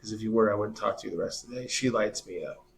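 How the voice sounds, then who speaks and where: A man chatting casually as a musician guest, telling stories in a soft, laid-back way with some swearing. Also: fairly low pitch, very fast, creaky. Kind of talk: casual chat.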